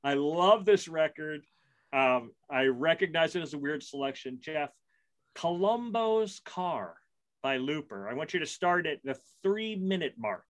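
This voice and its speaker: A man in his forties co-hosting a casual podcast chat, rambling and self-mocking with quick bursts and restarts. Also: fairly high pitch, animated. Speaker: podcast co-host.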